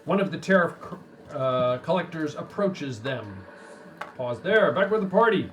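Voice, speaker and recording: Lively man running a tabletop game. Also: a little high, moderate pace, a little hiss or hum. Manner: lively, animated narration. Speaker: game master.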